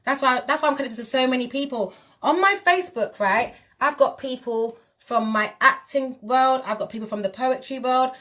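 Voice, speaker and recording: A woman's voice: sits high, normal speed, sharp tone. A woman in her forties from England, speaking in a British accent that slips into Jamaican patois, ranting emphatically and confrontationally on a livestream. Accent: British English mixed with Jamaican patois. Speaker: musician and spiritual wellness figure. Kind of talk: livestream rant.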